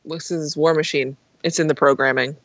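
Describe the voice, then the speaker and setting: A man chatting casually about a film, chiming in with quick agreements. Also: on the high side, steady tone, highs cut off, background noise. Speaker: podcast co-host. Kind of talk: casual movie recap chat.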